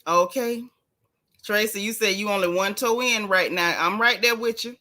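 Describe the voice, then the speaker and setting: Woman, live stream host, bright forceful voice, chatty, greets viewers by name, slangy. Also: mid-range voice, normal speed. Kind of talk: casual live chat.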